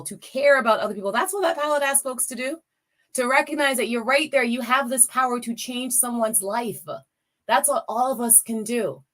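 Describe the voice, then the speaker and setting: A woman's voice: on the high side, a bit bright. A woman in her forties, a guest speaker on a campaign call, telling a personal story with emotion and rallying her listeners directly. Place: lives in the US Midwest.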